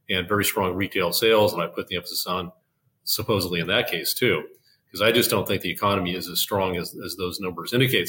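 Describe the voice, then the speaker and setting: Older male guest, low-pitched, measured, lots of fillers and restarts. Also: a bit bright, low-quality recording. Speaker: investment officer, guest. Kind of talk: finance interview, explanatory.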